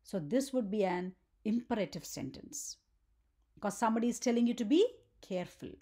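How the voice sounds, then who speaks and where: A woman's voice: medium pitch, lively intonation, fairly quick, dark tone. A woman teaching a grammar lesson for children, often checking in with "right?" and asking the viewer questions.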